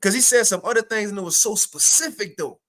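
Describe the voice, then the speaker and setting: Animated young man telling a testimony. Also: high voice, fast. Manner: animated, repetitive storytelling with casual slang. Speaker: spiritual teacher sharing a testimony. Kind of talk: livestreamed spoken testimony.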